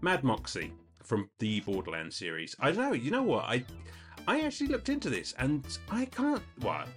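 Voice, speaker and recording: A man's voice: medium pitch, fairly bright tone. British man, chatty podcast host. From United Kingdom. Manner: rambling, self-correcting, chatty. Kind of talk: casual chat answering listener questions.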